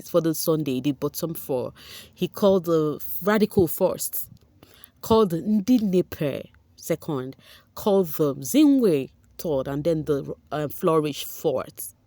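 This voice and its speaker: A woman with a Nigerian accent, running an animated, chatty gossip commentary with a tired voice and bits of pidgin. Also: low voice, no room sound. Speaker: vlogger. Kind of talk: reality show gossip commentary.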